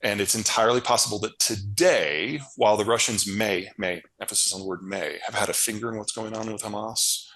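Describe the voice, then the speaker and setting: A man with a fairly low voice, speaking plainly and bluntly as an interview guest. He leans on repetition for emphasis, stacking phrase after phrase to drive a point home. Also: a little fast, hardly any pauses, sharp tone, slightly rough, low-quality recording. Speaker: guest analyst. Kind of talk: interview answers, casual explanation.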